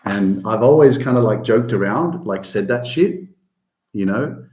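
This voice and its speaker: A man's voice: on the low side, lively intonation, unhurried, a little mellow. A man hosting a casual motivational podcast, talking emphatically, swearing often and pushing his voice up on key points. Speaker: podcast host. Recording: roomy echo.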